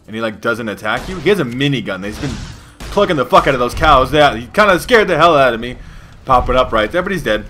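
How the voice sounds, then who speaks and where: A man's voice: medium pitch, animated, fast, bright, forceful tone, a little hiss or hum. A young man casually commenting over his own gameplay, loose and profane, rambling with lots of fillers. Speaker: gaming youtuber. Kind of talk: let's play commentary.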